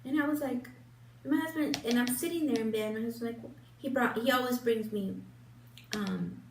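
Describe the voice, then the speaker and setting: Older woman rambling slowly in a roomy space. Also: medium pitch, darkish tone. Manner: rambling and chatty, many fillers and restarts, laughs often. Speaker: beauty vlogger. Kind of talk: casual chat while doing makeup. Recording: roomy, distant mic, faint hum.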